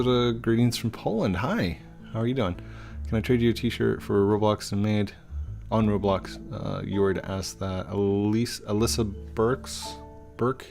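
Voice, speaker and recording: Fairly low-pitched and gravelly, with a darkish tone, this middle-aged game streamer keeps his live stream casual. He reads audience questions in a silly, talkative way and trips over usernames while faint guitar music plays.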